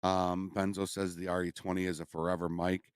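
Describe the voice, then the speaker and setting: An easygoing man hosts a relaxed conversation, agreeing readily with his guests. His voice sits on the low side and sounds dry and close. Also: fairly quick, clear, resonant tone, no room sound. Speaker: host. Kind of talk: casual chat.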